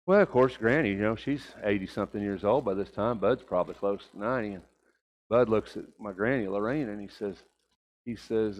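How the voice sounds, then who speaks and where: A man's voice: on the low side, brisk, lo-fi sound. An older man preaching a Sunday sermon, telling folksy stories and rising to emphatic points.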